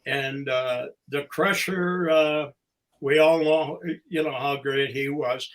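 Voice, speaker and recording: Guesting on a podcast, a former wrestling promoter and ring announcer, now older, shares stories casually, fondly and haltingly, pausing between phrases. His voice is on the high side with fairly even intonation, captured in poor audio.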